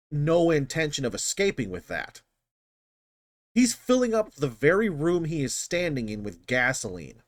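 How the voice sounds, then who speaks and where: Animated, rambling casual male commentator. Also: mid-range voice, dry recording, studio quality. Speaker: channel host.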